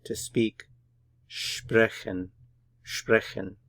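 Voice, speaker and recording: A man's voice: lowish voice, level tone, drawn-out words, a bit bright. A man teaching a beginner language lesson, patiently repeating each word several times and sounding it out syllable by syllable. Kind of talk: slow, syllable-by-syllable pronunciation lesson.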